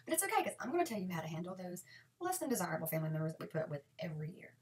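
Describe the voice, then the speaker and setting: Woman, 30s, sarcastic comic monologue, quick, lively pitch. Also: far from the mic. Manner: sarcastic, lively, switches into mock voices. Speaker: comedy vlogger.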